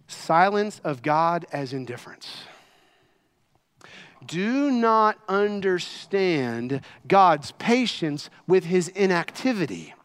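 A man preaching a sermon, impassioned, swinging between loud pleading and hushed quiet. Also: high voice.

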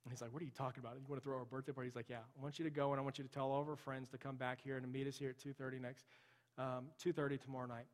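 A man's voice: mid-range voice, level tone, rapid-fire. A man preaching a sermon, telling a story in an earnest, conversational way with frequent fillers. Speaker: pastor. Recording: long hall reverb.

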